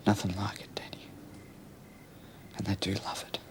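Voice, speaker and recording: A leering Australian crook played by a man, his gravelly, fairly low voice sinking into a rasping whisper. He speaks crudely and with menace. A faint noise floor sits under the voice. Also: moderate pace, lightly acted. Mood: menacing. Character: leering, menacing adult male criminal. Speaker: criminal. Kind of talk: TV police drama acting.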